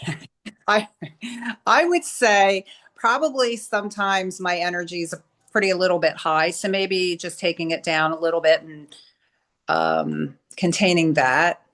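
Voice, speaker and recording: A woman's voice: on the low side, expressive, unhurried, fairly bright tone. Earnest upbeat woman guest. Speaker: guest attorney. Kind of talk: casual group chat.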